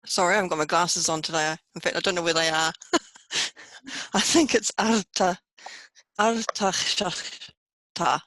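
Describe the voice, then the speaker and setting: A woman student in an online class, reading aloud slowly and carefully with some hesitation, over a video call. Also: lowish voice, fairly bright tone, dry recording.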